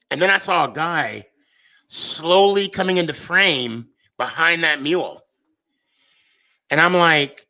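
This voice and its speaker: A man hosts a livestream, chatting casually as he reads viewer comments and rambles through jokes, often interrupting himself. His voice is on the high side, pushed and bright, at a measured pace.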